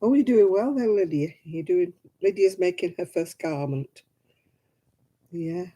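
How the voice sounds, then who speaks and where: A woman's voice: lowish voice, unhurried, dark tone, poor audio. An older woman, chatting and telling stories with a giggle while she crafts over a video call from home. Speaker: craft stream host. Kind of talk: casual chat while crafting.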